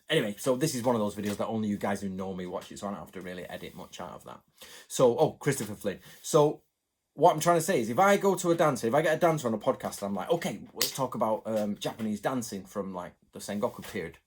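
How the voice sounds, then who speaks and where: A man from England chatting to his viewers in a rambling, animated way, going off on asides. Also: on the low side, fast talker, slight background noise. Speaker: channel host. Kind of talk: casual chat to camera.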